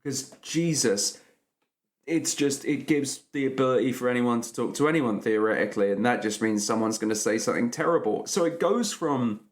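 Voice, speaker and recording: A man hosting a podcast, riffing with sarcastic jokes and animated opinions in casual chat. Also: medium pitch, brisk.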